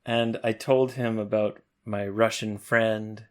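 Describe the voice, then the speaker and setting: A man's voice: lowish voice, little pitch movement, slow pace. Easygoing guy on a podcast, dry teasing jokes. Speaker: podcast co-host, English teacher. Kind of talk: casual podcast banter.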